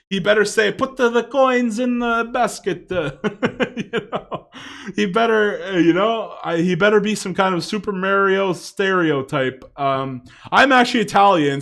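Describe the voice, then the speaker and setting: Rambling man with a higher voice. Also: gravelly, fairly bright tone. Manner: rambling, filler-heavy, chuckling asides. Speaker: video commentator. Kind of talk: casual commentary vlog.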